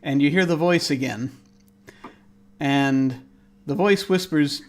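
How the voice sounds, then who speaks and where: Halting male game master narrating. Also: on the high side, a little hiss or hum. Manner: hesitant, halting, full of restarts.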